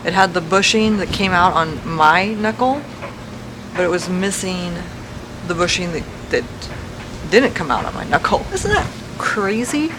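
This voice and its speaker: A woman's voice: fairly low pitch, normal speed, background noise. A woman chatting casually in a car repair vlog, rambling with jokey asides. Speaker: DIY car repair vlogger. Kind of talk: casual chat. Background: background music.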